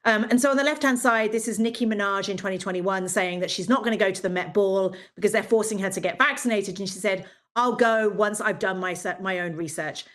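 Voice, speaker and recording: A woman's voice: mid-range voice, a little fast, few pauses. A middle-aged woman giving an academic lecture in a conversational way, with frequent fillers and quoted asides.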